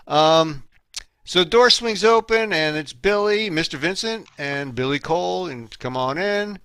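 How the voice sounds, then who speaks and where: A man's voice: a little high, measured pace, fairly bright tone, clear, resonant tone, dry recording. A man co-hosting a podcast, retelling a movie scene by scene in a laid-back, slangy way. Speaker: podcast co-host. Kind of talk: casual movie recap chat.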